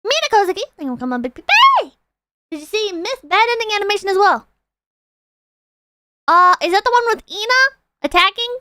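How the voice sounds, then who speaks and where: A woman livestreaming in casual chat, rambling excitably, swearing freely and reading out viewer donations. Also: very high voice, brisk, pauses often, dry recording.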